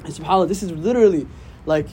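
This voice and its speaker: A man's voice: a little high, very fast, dark tone, a little hiss or hum. A man, an imam, teaching a casual religious class, often checking in with "right?". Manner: conversational, often asks "right?".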